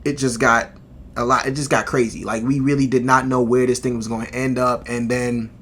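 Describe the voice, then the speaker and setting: A man's voice: medium pitch, fairly quick. A man giving a casual, emphatic video review of a TV series, swearing freely and getting worked up. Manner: animated, emphatic, profane. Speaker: TV show reviewer.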